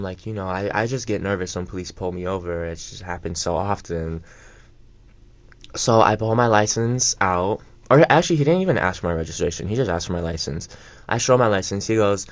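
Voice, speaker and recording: A man's voice: fairly low pitch, a little fast, no echo. A young man co-hosting a radio show, telling a story in a rambling, casual way with lots of fillers and asides. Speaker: radio co-host. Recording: dull lo-fi college radio mic.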